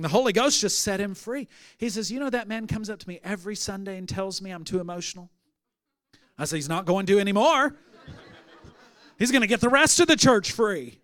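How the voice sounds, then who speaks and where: In a high, slightly bright voice, a pastor delivers a sermon full of stories, voicing the characters himself and then building to emphatic declarations. The recording is clean studio sound with no room sound.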